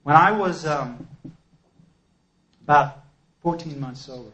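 A man with a bright, forceful voice that sits a little high. He tells his recovery story like a lively storyteller, slipping into the voices of the people he met and poking fun at himself. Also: slow, pauses often, highs cut off. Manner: animated storyteller, acts out dialogue, self-deprecating. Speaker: speaker sharing recovery story. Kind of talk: personal testimony talk.

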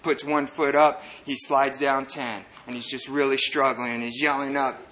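A man's voice: fairly high pitch, fairly even intonation, normal speed, hardly any pauses, fairly bright tone, a little hiss or hum. A man from El Paso, a recovering addict telling a group his story in an earnest, rambling way, full of repeated "and"s and "man"s. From United States (El Paso, Texas). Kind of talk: personal recovery testimony to a group.

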